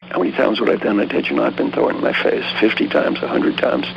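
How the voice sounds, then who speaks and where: Older guy, gravelly lowish voice, punchy storytelling, does the voices of people he quotes, kinda muffled audio. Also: expressive, fast talker, background noise. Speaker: guest executive coach. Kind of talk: storytelling interview talk.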